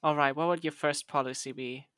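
A man's voice: fairly high pitch, steady tone, brisk, fairly bright tone, clear, resonant tone, no room sound. A young man hosting a casual podcast chat, steering it with curious, teasing questions.

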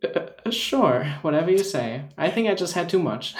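A man's voice: fairly high pitch, moderate pace, reverberant. A man who speaks English as a second language after German, with an American-sounding German accent, chatting casually on a podcast and rambling with lots of fillers. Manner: rambling, filler-heavy, deadpan. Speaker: podcast co-host. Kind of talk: casual chat, story time.

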